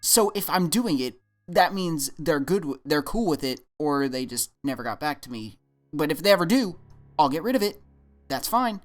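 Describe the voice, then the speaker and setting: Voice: medium pitch, animated, normal speed, faint music behind. Exasperated vlogger answering critics. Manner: defensive, exasperated, rambling with restarts. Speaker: YouTube commentator. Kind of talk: vlog reply to comments.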